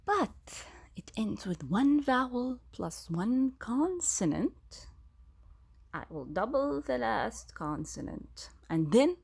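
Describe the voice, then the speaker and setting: A woman's voice: mid-range voice, gravelly, a little mellow, breathy edge. A woman teacher explaining a grammar lesson, repeating key words and asking the class questions.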